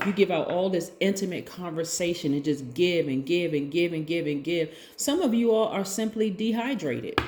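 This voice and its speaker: A woman with a lowish voice gives a relaxed spiritual tarot reading to her viewers. She talks in a chatty, conversational way and keeps tossing in rhetorical questions. Her voice rings out in a roomy, echoey space. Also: slight background noise. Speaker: tarot reader. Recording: roomy echo.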